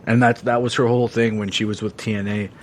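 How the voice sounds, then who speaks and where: Low-voiced rambling man, podcast co-host. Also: fast, a little hiss or hum. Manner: rambling, excited, swears freely, many fillers. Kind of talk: casual chat.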